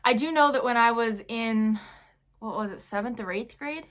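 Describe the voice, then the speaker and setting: A woman's voice: fairly high pitch, normal speed, fairly bright tone. A young woman talking casually in a vlog Q&A, chatty and full of fillers, telling stories with animation. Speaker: YouTuber.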